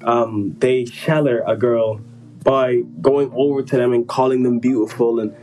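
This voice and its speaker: A man in easy, casual conversation, rambling through a story with plenty of jokes and asides. His voice sits at an ordinary middle pitch, with faint music behind him. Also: steady tone, measured pace, mellow, poor audio. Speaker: podcast co-host telling a story. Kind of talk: casual chat.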